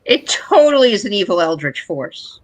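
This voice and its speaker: Woman, tabletop player, husky voice, polite, slight stammer. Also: medium pitch, very animated, normal speed, rough recording. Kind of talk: tabletop role-play, casual.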